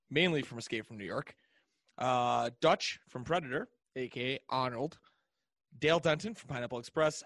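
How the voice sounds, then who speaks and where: A man's voice: mid-range voice, a bit bright, dry recording. A man co-hosting a casual podcast, reading out lists with jokey asides and frequent laughter. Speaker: podcast co-host. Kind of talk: casual chat.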